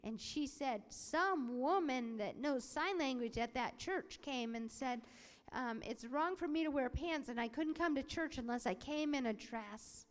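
A woman's voice: high voice, unhurried. Direction Woman interpreting a sermon in a reverberant hall. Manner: animated storytelling, acts out quoted voices, drops to a whisper. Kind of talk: sermon with personal testimony.

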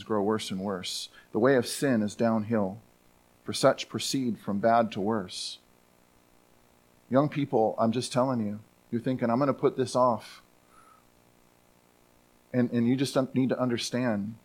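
A man's voice: mid-range voice, darkish tone. Earnest male pastor preaching. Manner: earnest, repeats words for emphasis. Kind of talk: sermon. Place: church sanctuary.

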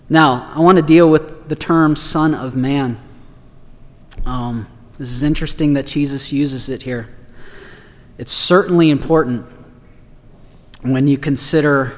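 A man preaching a sermon as pastor, earnest, building emphasis on key phrases with light self-deprecating asides. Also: mid-range voice. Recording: reverberant hall.

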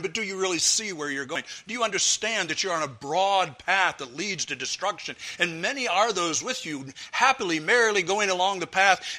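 A male preacher with a very bright, forceful voice delivers a sermon. He swings from loud, ringing exclamations to hushed, low-voiced stretches.

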